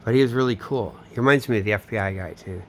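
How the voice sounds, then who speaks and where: Talking fast in a fairly low voice, a man at home in Florida rambles through a lengthy story about himself. He swears frequently and leaves sentences hanging, with slight noise in the background.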